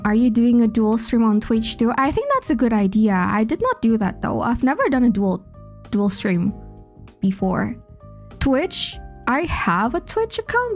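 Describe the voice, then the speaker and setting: A young woman chats casually with her livestream viewers. She greets people by name, rambles in a friendly way and drops giggly asides. Soft music runs quietly behind her. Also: fairly high pitch. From Indonesia. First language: Indonesian. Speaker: VTuber streamer.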